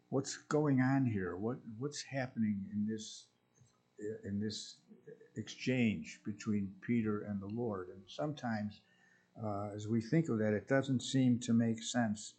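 Slow, hesitant male preacher. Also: fairly low pitch, darkish tone, husky. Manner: hesitant, many fillers and restarts. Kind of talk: sermon.

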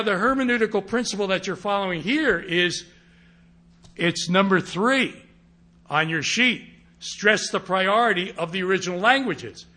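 A man's voice: sits high, pushed and bright. A man teaching a class on interpreting scripture, speaking emphatically and often checking that his listeners follow. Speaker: Bible teacher.

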